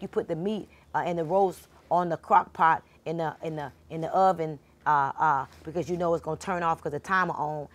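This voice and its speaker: A woman giving a motivational spiritual talk, speaking directly and informally to her listeners and repeating her points for emphasis. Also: lowish voice. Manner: informal and conversational.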